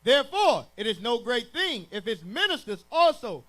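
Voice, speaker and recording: A man reading scripture aloud in a formal, measured way. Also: very high-pitched, big pitch swings, a bit bright. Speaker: scripture reader.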